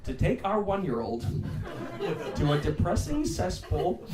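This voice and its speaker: A man voicing a prim young mother reading out her complaint in a whiny, drawn-out way. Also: high voice, big pitch swings. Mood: indignant. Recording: echoey room, distant mic, crowd.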